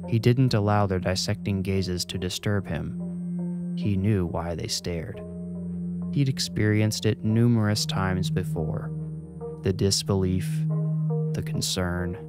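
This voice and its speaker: Brief: low, measured male horror storyteller with music underneath. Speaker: narrator. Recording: music playing behind.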